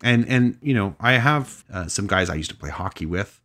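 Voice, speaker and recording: A man with a very low voice hosts a podcast, talking through a story in a relaxed, chatty way. He thinks aloud, hedges, and restarts his sentences as he goes. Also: moderate pace. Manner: thoughtful, hedging, with many restarts. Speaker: podcast host. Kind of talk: casual storytelling chat.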